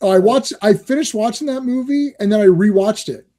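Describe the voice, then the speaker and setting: High-voiced, mellow, rambling podcast host. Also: male voice, fairly quick. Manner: rambling, enthusiastic, laughs often. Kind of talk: casual chat.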